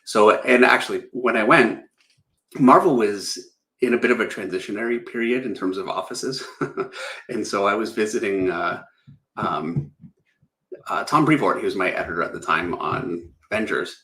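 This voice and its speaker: A man's voice: fairly low pitch, normal speed, sharp tone. A middle-aged man hosting a livestream, rambling casually and laughing at himself. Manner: rambling, self-deprecating, laughs often. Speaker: artist and livestream host. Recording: roomy echo.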